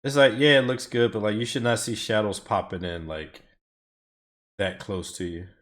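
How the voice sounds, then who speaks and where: With a fairly low, fairly even and slightly bright voice at a moderate pace, a man chats casually with stream viewers during racing time trials at home. He rambles, swears often and responds to chat as he drives.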